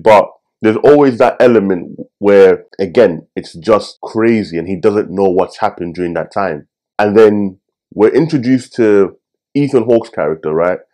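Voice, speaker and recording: Young male reviewer, deep-ish warm tone, casual ranting with cheeky asides. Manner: animated, swearing, jokey asides. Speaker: film review host.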